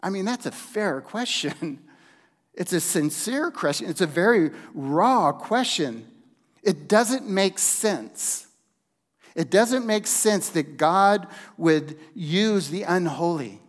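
Slow, deliberate man preaching in a hall. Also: high voice, very animated. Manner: slow, deliberate preaching with dramatic pauses and hushed emphasis. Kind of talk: sermon. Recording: long hall reverb.

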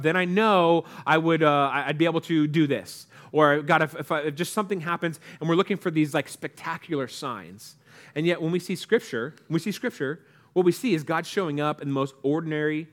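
A man's voice: fairly high pitch, a bit bright. Conversational male pastor preaching. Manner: conversational, asks the congregation questions, acts out quotes. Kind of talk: sermon.

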